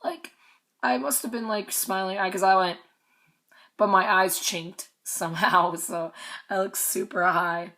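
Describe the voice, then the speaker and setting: A woman's voice: medium pitch, steady tone, unhurried, pushed and bright. A young woman casually recounting a concert meet and greet, chatty, swearing and laughing often. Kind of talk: casual storytelling vlog.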